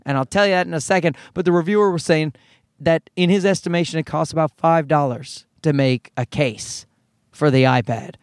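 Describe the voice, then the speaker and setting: A man's voice: on the high side, brisk, smooth, no echo, studio quality. A middle-aged man from Canada doing a casual, sarcastic ranting monologue to viewers, full of swearing and mocking put-on voices. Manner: sarcastic, profane, mock voices for quotes. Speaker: vlogger.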